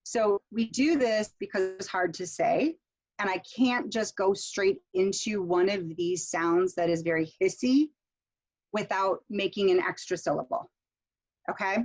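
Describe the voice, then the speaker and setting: A woman teaching a pronunciation workshop online. She explains slowly, keeps checking in with "okay?", and corrects herself along the way. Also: mid-range voice, darkish tone. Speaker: pronunciation instructor.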